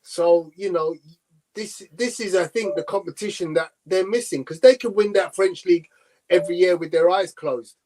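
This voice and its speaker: A man's voice: high-pitched, normal speed, warm tone. A man co-hosting a live football watchalong, chatting casually and thinking aloud in long, rambling remarks. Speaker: watchalong co-host.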